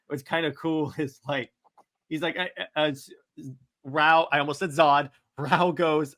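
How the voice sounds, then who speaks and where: A man's voice: fairly high pitch, fairly even intonation, moderate pace, sharp tone. A man co-hosting a casual comic book podcast, rambling with frequent restarts as he reads out panel dialogue. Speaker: podcast co-host.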